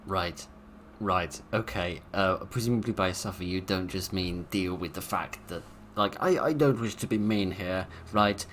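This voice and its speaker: Wry British man with a deep voice. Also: measured pace, a bit bright, a little hiss or hum. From Britain. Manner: wry, sarcastic, rambling jokes. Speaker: let's-play host. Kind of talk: casual gameplay commentary.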